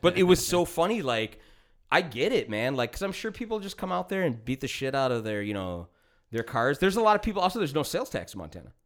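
A man's voice: a little high, quick pace. Profane storytelling man, casual podcast host. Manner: profane, animated, acts out quotes.

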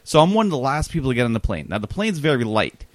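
A man spins a rambling, self-deprecating anecdote at a quick clip, voice sitting mid-range. The room is dry and close, with no echo. It sounds like an easygoing podcast chat. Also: mid-range voice, sing-song. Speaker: podcast host telling a story. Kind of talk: casual storytelling.

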